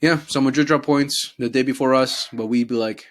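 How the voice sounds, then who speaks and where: A young man hosts a laid-back football talk show, talking fast with few pauses in a mid-range voice. He swears freely and is animated, mocking players by imitating them in put-on voices.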